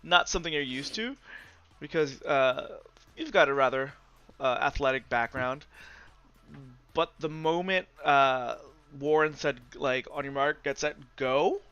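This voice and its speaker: A man's voice: on the high side, bright, forceful tone. A man narrating a tabletop game as game master, descriptive, with frequent fillers. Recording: dull lo-fi recording.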